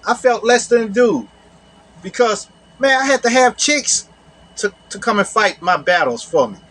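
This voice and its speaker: High-voiced man telling a story. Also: animated, normal speed, sharp tone. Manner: repeats phrases, often adds "you know". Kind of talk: casual personal storytelling.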